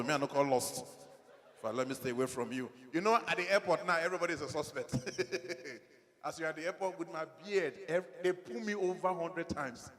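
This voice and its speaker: A middle-aged man with a Nigerian accent doing a stand-up comedy set, animated, acting out dialogue in his stories. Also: mid-range voice, big-room sound, a little hiss or hum.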